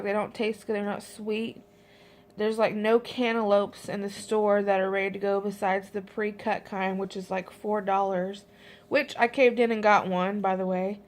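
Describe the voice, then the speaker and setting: A woman's voice: mid-range voice, flat delivery, unhurried. Chatty breathless pregnant woman vlogging. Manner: chatty, rambling, many ums and likes. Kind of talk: casual vlog update.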